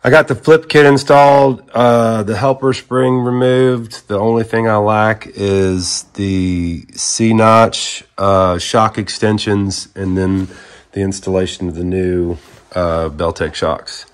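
A man's voice: lowish voice, flat delivery, slow pace, clean tone. A man narrating his truck project in a casual DIY video, with a folksy showman greeting and running commentary on the work. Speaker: truck vlogger.

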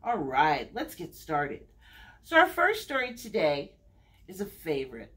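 Slow, sing-song storytime librarian woman. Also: sits low. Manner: slow, sing-song, animated reading to young children; asks children to join in with animal sounds. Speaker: children's librarian. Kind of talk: online storytime read-aloud.

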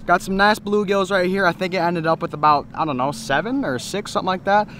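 A young man chatting excitedly to viewers while fishing and cleaning fish outdoors, calling them folks and boys. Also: high-pitched, quick pace, a little hiss or hum. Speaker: fishing vlogger. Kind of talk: casual outdoor vlog tutorial.

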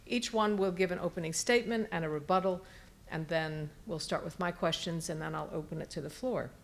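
A woman moderating a public debate, speaking in a measured, deliberate way as she introduces the panel. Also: fairly low pitch, creaky, slight background noise.

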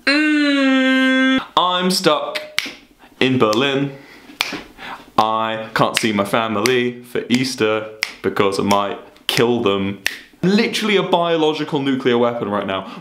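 A man's voice: mid-range voice, very animated, slow pace, a bit bright, roomy sound, a little hiss or hum. A young man streaming, reacting to fan memes in casual, sweary, mock-indignant banter.

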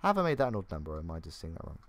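A young gaming YouTuber with a low voice rattles off rapid-fire commentary full of huge pitch swings, thinking aloud and ribbing himself as he plays. The recording is dry apart from faint keyboard clicks.

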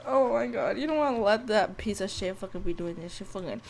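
A young woman giving casual, profane, excitable commentary over a life-sim game, scolding the characters as she plays. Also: medium pitch, fairly quick, creaky, over a noisy crowd. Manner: profane, excitable, talks to the sims. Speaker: gameplay commentator. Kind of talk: casual let's-play commentary.

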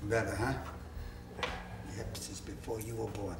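An older man acting as a fatherly bartender with a past in prison, giving gentle, wry advice. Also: on the low side, little pitch movement, measured pace, creaky. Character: older male bartender, fatherly ex-con, calm advisor. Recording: echoey room, distant mic, background noise.

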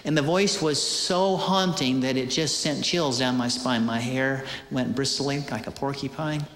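Animated preacher in an echoey hall. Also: male voice, mid-range voice, measured pace. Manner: animated storytelling with hesitant fillers. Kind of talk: sermon. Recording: echoey hall with long reverb.

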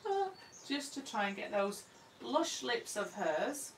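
A woman artist talks through a live painting session in a homely, self-deprecating way, murmuring asides as she works. Her voice has a gravelly fry to it. The sound is roomy and a little distant from the microphone. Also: a little high, big pitch swings, slow, slight background noise. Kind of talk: live painting demonstration, chatty commentary. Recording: roomy sound from away from the mic.

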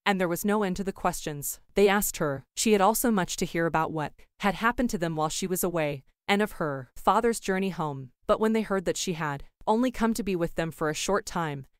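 A woman narrating a classic fairy tale in a calm, measured reading for English learners. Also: on the low side, clean tone, dry recording, studio quality.

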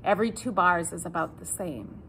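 A woman's voice: fairly low pitch, moderate pace, creaky, pushed and bright, slight background noise. A woman teaching a cello lesson, counting in and calling out notes, patient and self-joking. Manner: patient, repeats instructions, jokes about herself. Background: cello playing along.

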